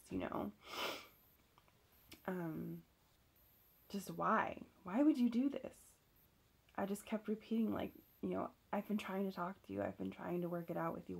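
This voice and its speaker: Young woman venting her story, real gravelly and husky, kinda low, swears a lot. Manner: candid, swears, many fillers. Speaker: vlogger telling a personal story. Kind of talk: casual storytelling.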